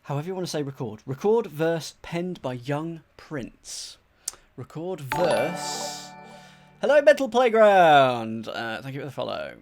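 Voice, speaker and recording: A man from England talks his way through a crossword for a live audience, repeating clues under his breath and reacting with sudden bursts. His voice sits a little high and swings widely in pitch. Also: a little slow, faint music behind. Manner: chatty and animated, thinks aloud, mutters clues, greets chat. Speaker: streamer solving a crossword. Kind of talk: live-stream chat, thinking aloud.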